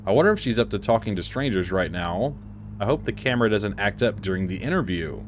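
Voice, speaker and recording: A man's voice: fairly low pitch, lively intonation, quick pace, background noise. A young man giving casual, hyper Let's Play commentary, chatty and prone to mumbling and laughing. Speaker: gaming YouTuber.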